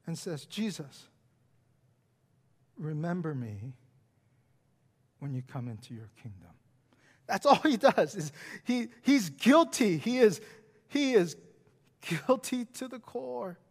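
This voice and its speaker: A male pastor preaching in a large church, his voice echoing with a long reverb. He speaks at a high pitch and an unhurried pace, repeating phrases for emphasis and dropping from loud declarations to near-whispers. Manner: dramatic swings from loud emphasis to hushed whispers. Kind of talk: sermon.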